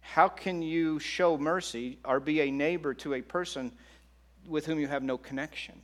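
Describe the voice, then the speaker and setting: Speaking at a moderate pace, this middle-aged man has a fairly high, fairly bright voice. He's a pastor preaching in a conversational style and often poses questions to his congregation.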